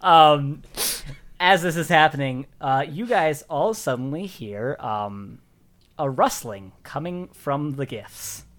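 A game master narrating a tabletop game in a relaxed way, with frequent fillers. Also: medium pitch, takes it slowly.

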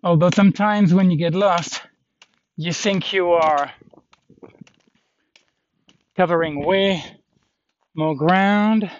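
A man walking outdoors on a hilly trail, talking in a rambling, halting way with lots of fillers as he vlogs his pilgrimage. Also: sits high, no echo. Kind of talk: casual walking vlog. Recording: dull lo-fi with faint noise.

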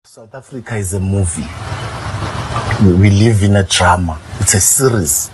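A man calmly commenting on the news in a measured way. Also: low voice, very noisy.

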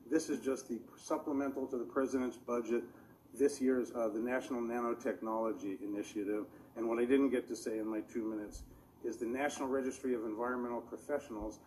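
A man's voice: mid-range voice, fairly even intonation, fairly quick, darkish tone, slight background noise, poor audio. A man giving earnest, rambling, technical testimony as a public commenter at a meeting.

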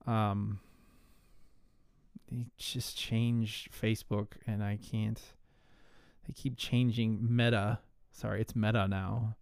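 A man's voice: medium pitch, vocal fry, a little mellow, no echo, studio quality. A man hosting a casual whiskey podcast, rambling with frequent fillers and restarts, a little out of breath. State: slightly out of breath.

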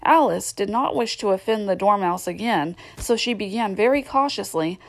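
A woman reads a classic children's tale aloud with a steady, expressive delivery. Her voice sits in the middle range for a woman. The narration is even and carefully paced. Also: mid-range voice, moderate pace, vocal fry, few pauses. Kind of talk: storybook reading aloud.

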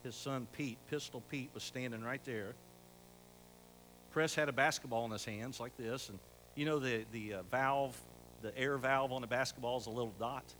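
Older man, pastor's sermon, bright forceful voice, long echo of a church hall, faint hum. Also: medium pitch, fairly even intonation, moderate pace. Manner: folksy, rising to emphatic exhortation. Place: church sanctuary.

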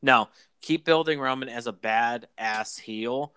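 Bright, crisp-voiced excitable podcast guy. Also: mid-range voice, measured pace, dry recording, studio quality. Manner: excitable, profane, rambling. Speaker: podcast co-host. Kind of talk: casual wrestling podcast chat.

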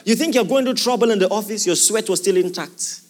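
A man's voice: high voice, fairly quick. A man preaching a sermon to a congregation in a church hall, asking them rhetorical questions. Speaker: pastor.

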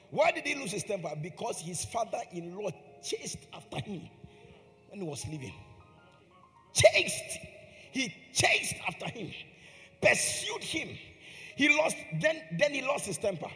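A man's voice: high voice, fairly bright tone, long reverb tail. A man preaching a sermon with emphasis. He repeats phrases and puts questions to his listeners.

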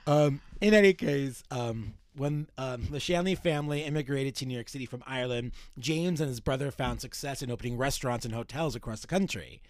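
A man's voice: medium pitch, a little fast, hardly any pauses, dry recording. A man co-hosting a casual podcast, telling a history story in a chatty, joking way. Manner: chatty, jokey, self-deprecating narrator. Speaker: podcast co-host.

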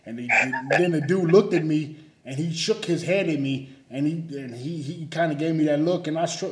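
A man in casual faith talk, telling stories about himself in an animated, self-mocking way. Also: on the high side, moderate pace, reverberant, a loud crowd.

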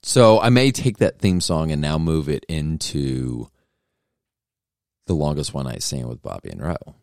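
A man with a very low voice talks alone into a podcast mic, joking and wandering off on tangents. His pitch jumps around a lot as he teases himself, and the sound is dry and close, with no room around it. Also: animated, unhurried, a little mellow, dry recording. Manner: joking, self-deprecating, wandering asides. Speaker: podcast host. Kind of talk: rambling solo podcast monologue.

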